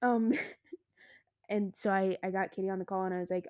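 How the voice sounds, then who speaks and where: A teenage girl hosting her own podcast, talking casually and excitedly with lots of "like" and "I was like", recorded close and dry. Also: mid-range voice, moderate pace, no echo. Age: teens. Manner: chatty and excitable, heavy use of "like" and "I was like". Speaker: podcast host. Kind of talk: casual solo podcast monologue.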